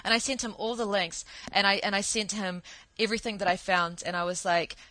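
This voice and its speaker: A woman from New Zealand hosting a casual conversation, telling animated stories with many restarts. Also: mid-range voice, fairly quick, dry recording, rough recording.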